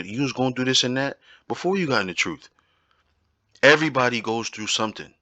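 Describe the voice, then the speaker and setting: A man's voice: mid-range voice, expressive, fairly quick, sharp tone, no room sound. A man giving an informal Bible teaching, talking emphatically and repeating his points, often checking in with "right?". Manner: emphatic, repetitive, keeps asking "right?".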